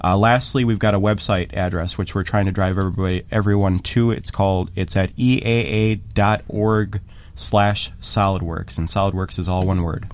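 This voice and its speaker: A man answering questions as a guest on a radio talk show, halting, with many fillers and restarts. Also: low voice, fairly even intonation. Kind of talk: radio interview.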